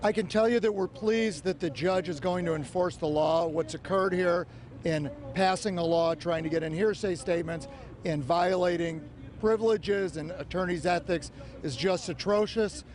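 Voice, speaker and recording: High-voiced, indignant male defense attorney. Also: normal speed. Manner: forceful, indignant statement to reporters.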